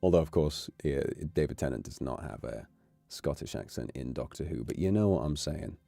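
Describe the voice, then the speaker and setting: A man's voice: a bass voice, moderate pace, vocal fry, no echo, faint music behind. A man with an English accent, chatting casually and jokingly on his stream. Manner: rambling, joking, animated. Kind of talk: casual chat.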